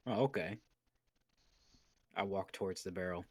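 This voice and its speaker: A man's voice: low voice, normal speed, a little mellow, breathy edge. A man playing in a tabletop game, joking and playful as he talks at the table. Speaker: player.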